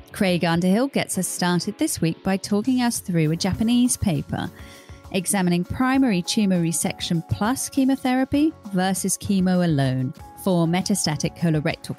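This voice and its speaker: An Australian woman delivers a scripted podcast introduction with a smooth, read-aloud delivery. Her voice sits a little low, with faint music playing behind her. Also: a little mellow. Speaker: podcast producer and presenter.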